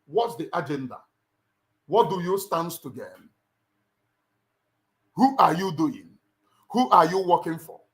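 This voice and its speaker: A middle-aged livestream host with a Nigerian accent speaks a little slowly, pausing often, in a slightly high, animated, bit-bright voice. The Nigerian man's impassioned address is emphatic and preacher-like, with repeated lines for weight.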